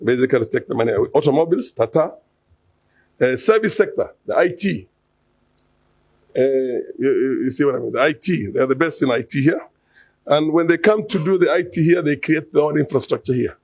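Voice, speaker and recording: Gravelly man explaining with many pauses. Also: fairly high pitch, lively intonation, darkish tone, no echo. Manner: hesitant, many fillers and restarts; explanatory, lists figures and examples. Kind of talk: unscripted political commentary.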